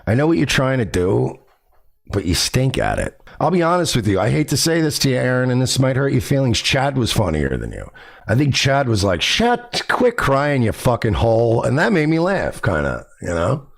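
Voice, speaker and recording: A man's voice: medium pitch, huge pitch swings, a little fast, vocal fry. A man hosting a reaction commentary show, talking in a sarcastic, mocking and profane way.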